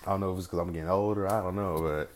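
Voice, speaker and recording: A man's voice: deep voice, steady tone, racing. A man hosting a podcast solo in a casual, rambling way, with loose slang and frequent swearing. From California. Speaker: podcast host.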